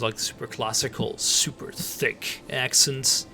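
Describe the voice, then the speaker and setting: A man's voice: medium pitch, fairly even intonation, unhurried, creaky, a bit bright, a little hiss or hum. A man with a Dutch accent, a native Dutch speaker, chatting casually on a live stream in rambling talk full of fillers and restarts. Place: home streaming setup.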